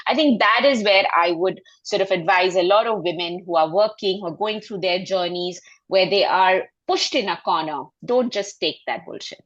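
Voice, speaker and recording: A woman's voice: mid-range voice, moderate pace, few pauses, a bit bright, dry recording, muffled recording. A middle-aged woman telling a personal story on a festival panel, emphatic and heartfelt, often restarting her sentences. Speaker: panel speaker. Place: festival stage.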